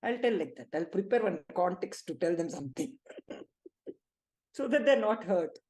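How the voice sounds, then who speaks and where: A middle-aged woman with an Indian English accent, leading a spiritual teaching talk with lively, emphatic storytelling. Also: medium pitch, moderate pace. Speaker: spiritual healing group leader.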